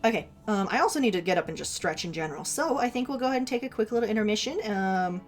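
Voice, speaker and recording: A woman's voice: medium pitch, expressive, very fast, soft background music. Giggly chatty young woman streamer. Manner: giggly, chatty, self-deprecating. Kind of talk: casual live-stream chat.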